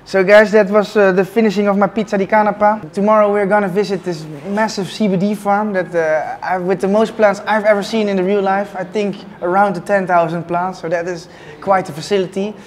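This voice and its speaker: A young man hosting a travel vlog, talking to camera in a relaxed, chatty way with loose phrasing. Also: sits high, fairly quick, hardly any pauses, a little hiss or hum. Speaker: travel vlogger host. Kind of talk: casual vlog narration to camera.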